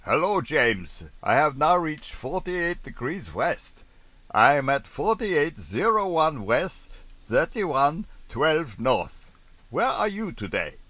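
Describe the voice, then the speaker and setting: A man's voice: a little high, very animated, takes it slowly, pushed and bright, dry recording, voice pushed up, full character voice. A man voicing a cheery fellow sailor on the radio who reads out positions precisely. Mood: chirpy.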